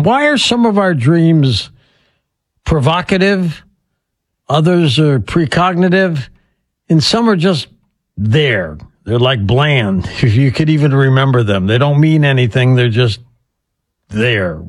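Higher-voiced male radio host. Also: animated, measured pace. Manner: inquisitive, smooth broadcast delivery. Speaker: radio talk show host. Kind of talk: radio interview hosting.

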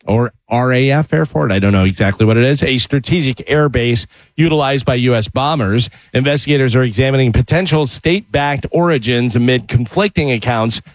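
A man's voice: medium pitch, a little fast, dry recording, poor audio. A man reading the news on a morning radio show, plainly and with joking asides. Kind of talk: casual radio news segment. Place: radio studio.

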